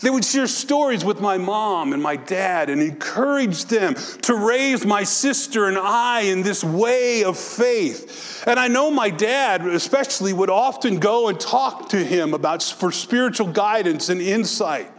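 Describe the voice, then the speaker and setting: High-voiced preacher in a reverberant hall. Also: male voice. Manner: rising to impassioned exhortation, dropping to soft reflection. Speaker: pastor. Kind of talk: sermon.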